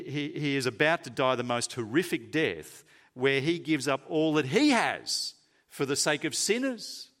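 A man preaching a sermon, stressing words loudly and then dropping to soft, low phrases. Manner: emphatic, swinging between loud stresses and soft low phrases.

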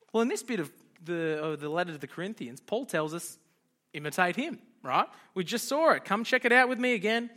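A man's voice: high voice, a bit bright. A young man giving a casual, joking talk to a youth group as its leader. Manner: chatty, joking, loose and informal.

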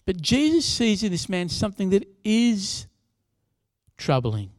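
A man's voice: sits high, big pitch swings, measured pace, no echo. A younger man preaching a sermon in a conversational way, with asides to the congregation. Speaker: pastor.

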